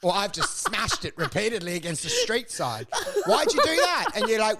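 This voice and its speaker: A man's voice: high-pitched, huge pitch swings, normal speed, background noise. A man, a comedian telling rambling stories in casual chat, acting out quoted voices and laughing often. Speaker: podcast co-host, stand-up comedian. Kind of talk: casual chat, comic storytelling.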